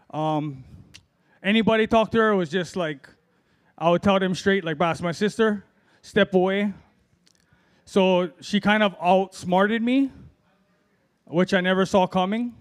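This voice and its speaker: A man from Hawaii with a fairly high voice works through an open-mic stand-up set. He rambles, fills gaps with ums and long pauses, and sounds middle-aged. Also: clean tone. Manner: rambling storytelling with fillers and drawn-out pauses. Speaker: amateur stand-up comic.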